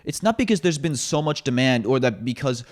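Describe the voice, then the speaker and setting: A man's voice: mid-range voice, expressive, brisk. A man co-hosting a casual podcast discussion, opinionated and ranting, swearing now and then. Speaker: podcast co-host.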